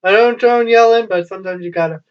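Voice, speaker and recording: A man's voice: high-pitched, quick pace, clear, resonant tone. A young man telling casual stories at home, rambling along with wry asides and plenty of swearing. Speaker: vlogger. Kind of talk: casual storytelling. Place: at home, child nearby. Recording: dull lo-fi, from a distance.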